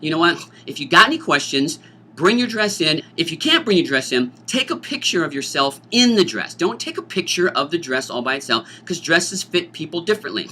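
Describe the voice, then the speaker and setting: A middle-aged man, a teacher, explaining a school dance's rules to students in an animated, joking way, often acting out student voices. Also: on the high side, a little fast, a little hiss or hum. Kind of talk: informational talk to students.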